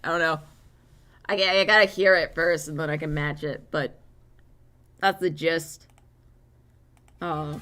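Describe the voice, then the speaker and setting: A woman's voice: low-pitched, steady tone, a little slow, long pauses, sharp tone, soft background music. A young woman streamer chatting casually and rambling while she draws, with a dry, sore throat. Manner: chatty, rambling, swears freely. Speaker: streamer and artist.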